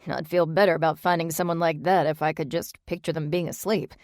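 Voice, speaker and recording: A man's voice: on the high side, little pitch movement, fairly quick, no room sound, clean studio sound, natural voice. A woman reading the lines of a playful, pushy handyman among friends. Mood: teasing. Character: teasing, theatrical handyman.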